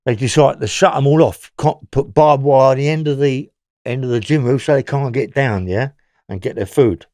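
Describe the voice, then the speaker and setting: As a guest in an interview, an older Englishman with a London accent bluntly rambles about old prison stories, swearing freely. His medium-pitched voice keeps a moderate pace and a darkish tone, with no room sound.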